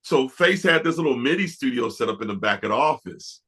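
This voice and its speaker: A middle-aged man talks in a bright, ringing voice at a medium pitch. He tells his story as an interview guest, animated and full of restarts. He often breaks into laughter along the way. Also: brisk, husky.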